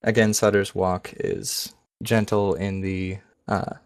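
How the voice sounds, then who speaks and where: A man's voice: deep voice, flat delivery, takes it slowly, no room sound. A man running a tabletop game as game master, narrating casually and correcting himself as he goes.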